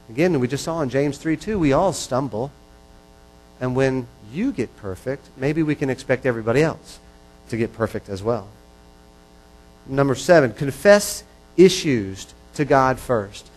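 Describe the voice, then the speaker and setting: A man's voice: mid-range voice, darkish tone, rough recording. A man preaching a sermon in an earnest, repetitive style that builds in intensity. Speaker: pastor.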